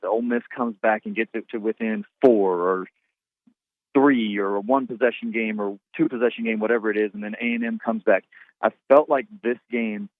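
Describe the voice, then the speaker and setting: Man analyzing basketball over a tinny phone line. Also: on the low side. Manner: halting, repeats words while thinking. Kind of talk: casual sports radio analysis.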